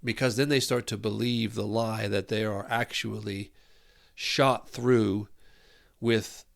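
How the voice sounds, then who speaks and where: A man's voice: on the low side, fairly even intonation, slow, creaky. A man hosting a podcast, giving an earnest, rambling solo talk on parenting, often repeating phrases as he searches for words. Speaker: podcast host.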